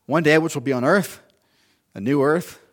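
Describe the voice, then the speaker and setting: A man's voice: on the high side, normal speed. A male pastor preaching a sermon in a conversational, storytelling way, with asides and restarts.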